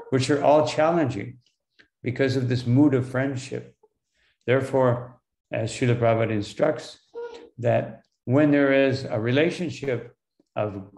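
A man, a monk, lecturing on scripture in a halting way, with many fillers and "no?" tags, slowing down for Sanskrit terms. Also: mid-range voice, vocal fry, darkish tone, reverberant. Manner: slows for Sanskrit terms and quotes.

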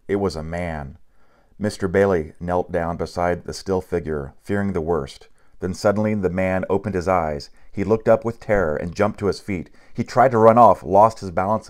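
A man reads from a picture book as narrator, his voice low and his tempo unhurried and even. Now and then he slips and begins a line again.

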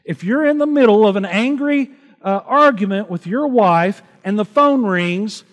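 A pastor with a voice that sits high delivers a sermon in a church sanctuary, animated yet unhurried, the big room audible around him. Earnest and conversational, he keeps asking his congregation rhetorical questions.

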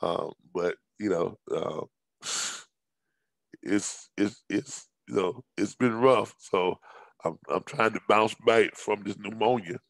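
In a hoarse, scratchy, fairly low voice with no echo, a man presents on a business live stream. His speech is halting and riddled with fillers and false starts.

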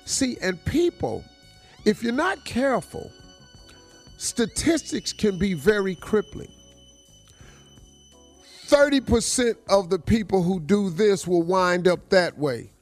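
A man's voice: a little high, animated, unhurried, gravelly, soft background music. A male radio morning show host in a studio, talking in a laid-back, slangy way and telling stories in casual chat. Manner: laid-back and slangy, often says "dog" and "man". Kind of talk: casual storytelling chat and motivational talk.

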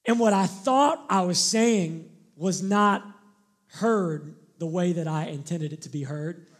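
A male pastor preaching a sermon, animated and emphatic, shifting into candid personal stories. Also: sits high, slow.

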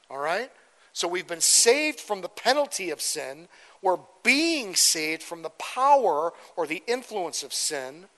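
A man's voice: high-pitched, bright, forceful tone, big-room sound. A man preaching a verse-by-verse sermon as pastor, conversational, often checking in with "okay?" and "right?". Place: church sanctuary.

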